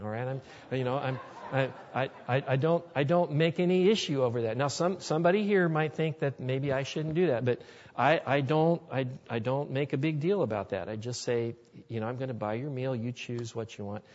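The speaker is a Christian man with a darkish mid-range voice, earnestly relating personal stories in a folksy manner as he preaches to a live audience. The sound is dull and lo-fi, echoing around a reverberant hall.

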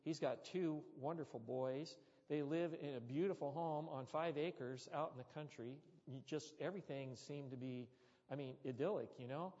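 A male pastor preaching a sermon, telling a story with animated, sudden loud bursts, recorded muffled in an echoey church hall. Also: on the high side, normal speed.

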